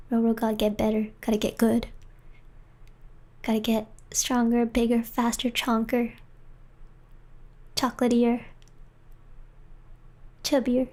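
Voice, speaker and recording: A woman streamer reading a story and chatting in a soft, playful whispered role-play, close to the mic. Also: a little high.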